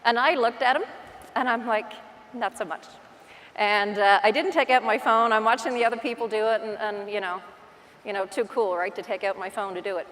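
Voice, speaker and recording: A woman's voice: fairly high pitch, steady tone, a little fast, fairly bright tone, big-room sound. A woman with a Newfoundland accent giving a chatty, self-deprecating conference talk from a stage microphone. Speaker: real estate agent giving a conference talk. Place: large conference hall.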